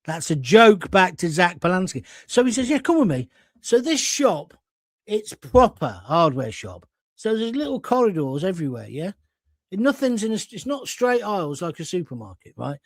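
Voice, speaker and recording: A man's voice: high voice, sing-song, normal speed, dry recording, studio quality. An older man hosting a live-stream chat show, telling rambling jokey anecdotes with self-mocking asides and reading out viewer comments.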